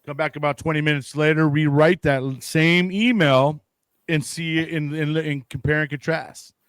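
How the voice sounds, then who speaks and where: A man hosting a relaxed podcast conversation, his voice sitting a little on the high side. He rambles, restarts his sentences and drops casual swear words. The sound is dry and close, with no room behind it. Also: normal speed, clear, resonant tone, dry recording. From United States. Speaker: podcast host.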